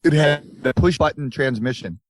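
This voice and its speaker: On a tour bus, a podcast co-host with a slightly high voice tells a long, rambling road story in casual chat at a moderate pace, acting out the people in it. There's no room sound.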